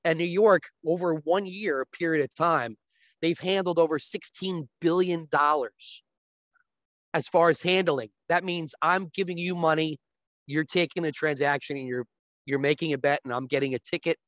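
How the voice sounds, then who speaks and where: A man's voice: a little high, moderate pace, a bit bright, dry recording. Man explaining sports betting, dry sound. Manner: talks in long explanations, frequent restarts. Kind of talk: casual explanatory chat.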